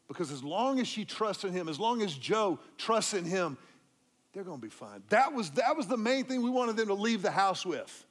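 A middle-aged man, preaching a sermon as pastor and telling a story, dropping to a hush when he quotes himself comforting someone. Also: sits high, big pitch swings, normal speed.

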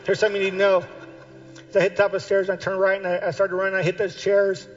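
High-voiced impassioned male pastor preaching. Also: completely flat delivery, racing, soft background music. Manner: impassioned, builds to shouted exhortation; repeats key phrases for emphasis. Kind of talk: sermon. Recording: dull lo-fi recording.

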